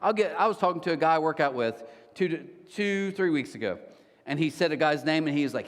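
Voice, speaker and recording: Male pastor, conversational sermon delivery, expressive and high-ish, big room reverb. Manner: conversational, animated storytelling with quick restarts. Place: church auditorium. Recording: church hall reverb.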